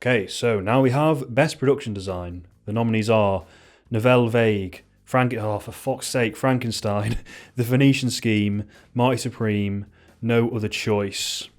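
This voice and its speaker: A young man giving casual, unscripted film commentary, rambling and swearing, mocking himself and breaking into sudden high-pitched exclamations. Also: measured pace, faint music behind.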